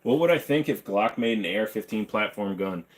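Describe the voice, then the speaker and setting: Laid-back male streamer, low-ish voice, answers chat with dry jokes and hums between questions. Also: animated, a little fast. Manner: joking, offhand, hums and scats to himself. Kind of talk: casual livestream chat. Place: home room with guns on the wall behind him.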